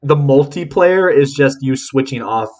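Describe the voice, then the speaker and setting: A man's voice: medium pitch, animated, a little slow, slight background noise. A young man co-hosting a casual podcast, rambling through his thoughts with lots of filler words. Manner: rambling, heavy use of "like". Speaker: podcast co-host. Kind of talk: casual chat ranking games.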